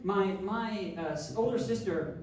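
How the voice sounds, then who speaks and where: A young adult man, a pastor, giving a sermon through an animated, self-deprecating personal story. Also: high voice, a little slow, slight background noise. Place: church sanctuary. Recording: echoey church hall from far off.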